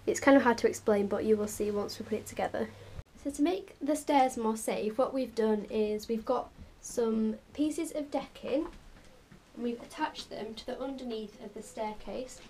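Chatty young woman, mellow voice. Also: a little high, moderate pace, slightly rough. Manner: chatty, coos at her pets. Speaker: vlogger. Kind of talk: casual pet vlog.

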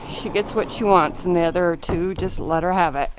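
A woman vlogs her morning chores outdoors on a muddy farm with horses, filming on a handheld camera and getting out of breath as she works. Her lowish voice moves at a moderate pace, and she coos to her animals in a baby voice. The audio is poor, with clear outdoor background noise.

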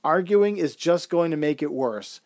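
A man's voice: a little high, lively intonation, moderate pace, a little mellow. A man doing a stern, bossy woman leader. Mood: directing. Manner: commanding, scolding. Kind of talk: audio drama acting.

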